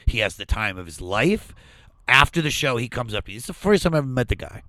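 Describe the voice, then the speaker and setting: A comedian from the Washington D.C. area, a podcast guest, tells stories in casual chat with a medium-pitched voice at a fast pace. Animated and profane, he acts out the voices of people he quotes, and the studio sound is clean with no echo.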